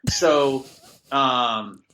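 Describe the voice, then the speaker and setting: A man's voice: medium pitch, very slow, bright, forceful tone, a little hiss or hum. An American man, a TV writer guest on a podcast, telling a long anecdote in a chatty, self-deprecating way and laughing often. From United States. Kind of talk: casual podcast interview.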